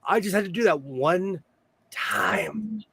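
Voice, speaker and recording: Male host, lively, laugh-prone storyteller with a swooping, slightly high voice. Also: slow pace, breathy edge. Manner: animated storyteller who laughs often. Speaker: host of a sewing show; single father. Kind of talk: casual chat.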